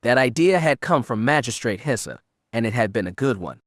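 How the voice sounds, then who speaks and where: A man's voice: medium pitch, animated, brisk, no echo. Male audiobook narrator, dry close sound. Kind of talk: scripted narration.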